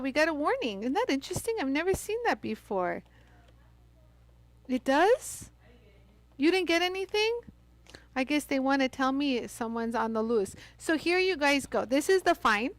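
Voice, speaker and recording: A woman hosting a live craft demonstration, chatty and excitable, talking straight to her viewers as she works. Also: fairly high pitch, dry recording, low-quality recording. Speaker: host of a live lapidary demo.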